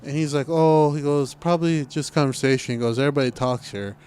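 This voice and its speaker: A man's voice: fairly high pitch, steady tone, quick pace, a little mellow, a little hiss or hum. A young man telling a casual story on a podcast recorded in a car, acting out what people said. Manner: laid-back storytelling, acts out quoted talk. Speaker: podcast co-host. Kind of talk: casual chat.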